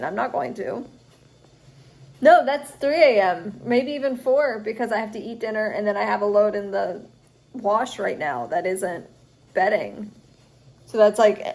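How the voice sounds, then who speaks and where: A young woman talks through a casual storytime vlog from her home, rambling and chatty with fillers throughout. She sounds tired, and her voice sits at an ordinary middle pitch for a woman. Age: young adult. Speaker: student vlogger.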